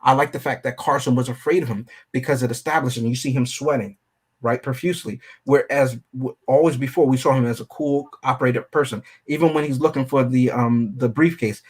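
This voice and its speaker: A man's voice: mid-range voice, brisk, husky. A man hosting a film review show, talking through a movie in a casual, analytical way and often checking in with his listeners.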